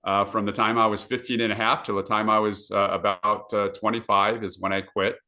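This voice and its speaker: A middle-aged man from Southern California chats as a podcast guest over a video call. His slightly low voice has a bright, forceful edge, and he peppers his story with "uh" while jumping into lively quoted asides. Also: a little fast. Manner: many uh fillers, animated quoted asides. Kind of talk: casual storytelling.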